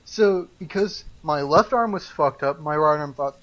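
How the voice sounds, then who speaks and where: A man with a fairly high voice chats on a podcast mic, rambling through his stories. He stops and restarts often, fills gaps with ums and breaks into laughter. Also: lively intonation, unhurried, few pauses, muffled recording. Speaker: podcast co-host. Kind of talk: casual chat.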